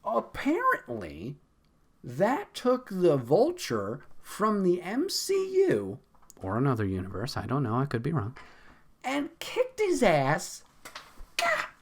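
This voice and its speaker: A man's voice: on the high side, huge pitch swings, takes it slowly, creaky, husky. A man hosting a podcast in a casual, profane, exasperated rant, laughing often. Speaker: podcast host.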